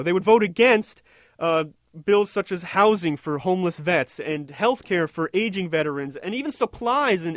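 A political commentator rants with indignation and sarcasm, rambling and restarting his sentences as he goes. His voice is high and a bit bright, recorded dry at studio quality.

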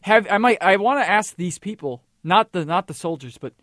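A man's voice: sits high, expressive, moderate pace, fairly bright tone, no echo. A young man co-hosting casual talk radio in a studio booth, earnest and emphatic. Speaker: co-host.

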